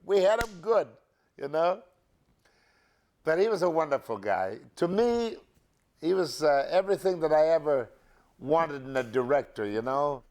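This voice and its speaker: An older man recalling his film work in an interview, halting and full of fillers and restarts. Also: on the high side, lively intonation, a little mellow. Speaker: actor interviewee. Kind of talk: reminiscing interview.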